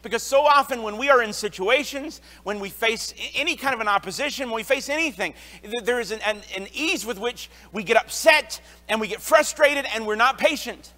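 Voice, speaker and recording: An earnest man in his thirties preaching to a congregation, telling stories from his own life. His voice sits high for a man and rings bright and forceful, and he stumbles and restarts as he goes. The church hall adds a long reverb behind him. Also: fairly quick, hardly any pauses. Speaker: associate pastor. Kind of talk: sermon. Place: church sanctuary.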